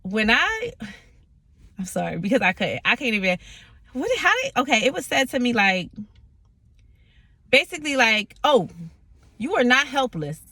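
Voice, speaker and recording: A woman tells a personal faith story straight to camera, animated and dramatic, slipping into other voices as she goes. Her voice is bright and forceful and sits a little high. The sound is dry and close, with no room echo. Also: normal speed, long pauses, slightly rough. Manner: laughing, self-mocking. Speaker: vlogger sharing a faith testimony.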